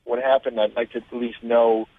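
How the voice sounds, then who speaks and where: A man's voice: medium pitch, little pitch movement, moderate pace, dry recording. A man calling in to a radio show, unsure and repeating himself as he talks. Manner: uncertain, stammering. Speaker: caller on phone. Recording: tinny phone line.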